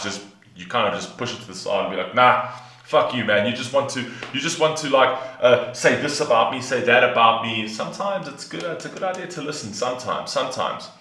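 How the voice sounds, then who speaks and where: Reaction host, male, lively bright delivery, curses a lot, roomy room sound. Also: medium pitch. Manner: animated, swears freely, acts out imagined inner voices. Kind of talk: casual reaction commentary. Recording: roomy echo.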